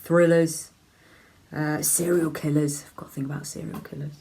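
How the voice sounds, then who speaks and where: A middle-aged woman from Leicester, speaking with that local accent in a low voice. She chats openly and casually to camera while answering viewer questions, filling her pauses with ums and laughing easily. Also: flat delivery, dark tone, a little hiss or hum. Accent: Leicester English. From England (Leicester). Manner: chatty, frank, laughs easily, many ums. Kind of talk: casual chat.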